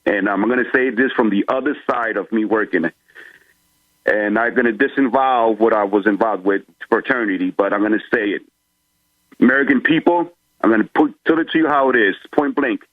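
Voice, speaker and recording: A man's voice: on the low side, fairly quick, dry recording. A male caller on a talk radio show, speaking in an urgent, plain-spoken, warning way. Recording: tinny phone line.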